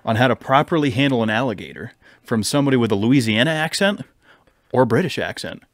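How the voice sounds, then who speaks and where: A man's voice: medium pitch, expressive, fast, no echo. A man co-hosting a podcast in a casual chat, teasing and quizzing his co-host, recorded in a studio.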